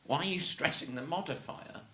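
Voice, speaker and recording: A man's voice: on the high side, brisk, bright, forceful tone. A man on a live comedy podcast, delivering an exasperated, pedantic rant while laughing. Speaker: comedy panel guest. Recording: echoey noisy live venue.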